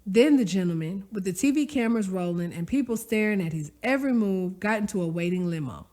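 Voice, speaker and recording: Lively woman narrating a story. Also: mid-range voice, fairly quick. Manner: expressive, with folksy conversational asides. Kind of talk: audiobook-style story narration.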